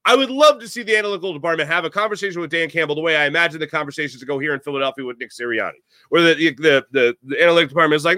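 A man's voice: on the high side, racing, bright, forceful tone, no echo, clean studio sound. A man hosting a sports talk show, giving a rambling, jokey monologue with lots of fillers. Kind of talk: casual sports commentary monologue.

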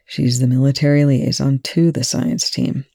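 A reader voicing a weary military commander who speaks in a low, steady, clipped way. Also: normal speed, vocal fry, dry recording, studio quality.

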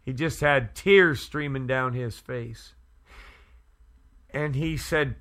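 A man who is a pastor, telling an earnest testimony story slowly and with emphasis. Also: mid-range voice, fairly bright tone.

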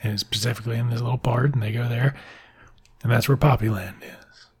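Husky man cursing through a rambling recap. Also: mid-range voice, steady tone, a little fast, darkish tone. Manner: rambling, profane, wisecracking. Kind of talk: casual film recap.

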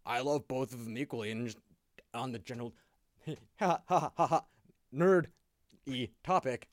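A man hosting a podcast in casual chat, telling animated stories, swearing often and laughing a lot. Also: medium pitch, normal speed, dry recording, studio quality. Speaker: podcast host.

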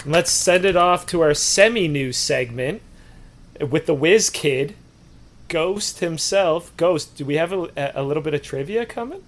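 A man's voice: on the high side, expressive, a little slow. Hissy-mic male podcast host. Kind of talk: casual podcast chat.

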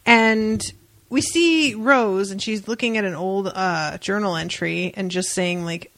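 Woman podcaster recapping a book, gravelly fry in her voice, dry close sound, swears a lot. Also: mid-range voice, measured pace, no room sound. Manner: animated retelling, dry asides, swears freely. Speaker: podcast host. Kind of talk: casual book discussion.

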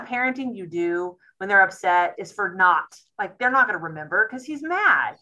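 A woman who is a doctor speaks in a frank, down-to-earth and lively way during an interview. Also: medium pitch, moderate pace, hardly any pauses, poor audio. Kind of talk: conversational interview answers.

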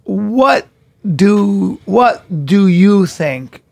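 High gravelly-voiced incredulous male host. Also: expressive, extremely slow, darkish tone. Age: 50s. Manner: incredulous, interjecting, needling. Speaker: podcast host. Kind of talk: casual comedic banter.

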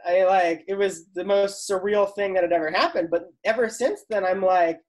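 A man's voice: high-pitched, moderate pace. Male talk show guest, casual storyteller, rambly, heavy on fillers. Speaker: guest, actor and comedy writer.

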